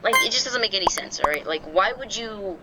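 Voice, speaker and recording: A woman's voice: mid-range voice, lively intonation, a little fast, heavy background noise. A woman telling a storytime vlog in a chatty, rambling way with many restarts. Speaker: vlogger.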